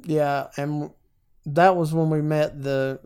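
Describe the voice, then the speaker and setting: A woman's voice: sits low, steady tone, slow pace, warm tone, clear, resonant tone. A woman co-hosting a podcast, chatting casually and telling a trip story, swearing freely and acting out quotes. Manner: swears freely, tells stories with acted quotes. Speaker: podcast co-host. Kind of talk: casual chat.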